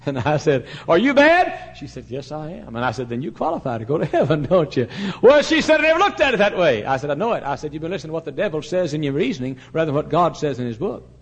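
A husky-voiced older man preaches, his pitch leaping high and low as he tells a story. He acts out each voice in the conversation and laughs along the way, a lively storyteller at the pulpit. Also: fast. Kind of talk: sermon storytelling.

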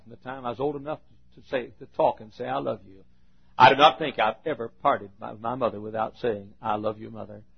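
Older male preacher, husky, dull lo-fi sound; storytelling sermon that swings from hush to loud emphasis. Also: on the high side.

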